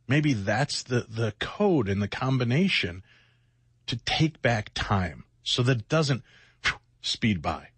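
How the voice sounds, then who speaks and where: A middle-aged man with a husky voice and a dry, close studio sound co-hosts a late-night radio show. He sounds worn out and short on sleep, rambling and reflecting with self-mocking asides. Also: mid-range voice, fairly bright tone, dry recording. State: exhausted, sleepless. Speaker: radio co-host.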